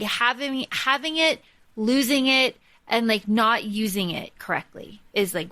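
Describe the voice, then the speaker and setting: A woman's voice: a little high, a bit bright, no echo. A woman co-hosting a podcast, chatting casually and animatedly with scornful asides and plenty of fillers. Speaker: podcast co-host. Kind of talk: casual chat.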